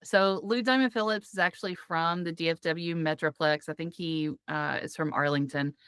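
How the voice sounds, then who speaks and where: A woman's voice: low voice, steady tone, normal speed, fairly bright tone, smooth, no room sound, clean studio sound. A woman hosting a podcast, chatting casually, telling stories and laughing often. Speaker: podcast host.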